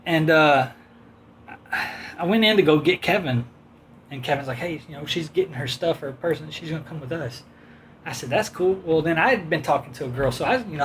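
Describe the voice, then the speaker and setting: A man's voice: a little high, a little fast, slight background noise. A man casually telling a long, rambling personal story, often quoting others and laughing along. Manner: rambling, animated anecdote with quoted voices and laughs.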